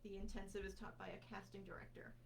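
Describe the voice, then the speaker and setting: A woman's voice: medium pitch, fast, creaky, a little hiss or hum. A woman co-hosting a casual live question-and-answer session, answering plainly and practically. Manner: relaxed, practical, gives direct answers. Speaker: casting director co-host.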